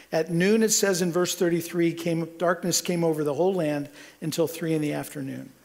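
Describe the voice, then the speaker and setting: A middle-aged man from Kansas preaching a sermon, earnest, with frequent restarts and a voice that rises for emphasis. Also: high voice. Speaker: pastor.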